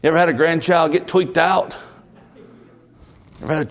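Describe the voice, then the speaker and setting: A man's voice: fairly high pitch, steady tone, moderate pace, pauses often. A man preaching a sermon in a church, talking in a folksy, conversational way and putting questions to his congregation. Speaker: pastor. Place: church sanctuary. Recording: long church-hall reverb.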